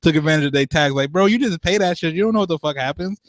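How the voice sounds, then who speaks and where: Young man, podcast co-host, casual chat, slangy and profane, voice leaps high when riled, dry close sound. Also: rapid-fire, no echo. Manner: animated, slangy, swearing, jumps up in pitch when riled.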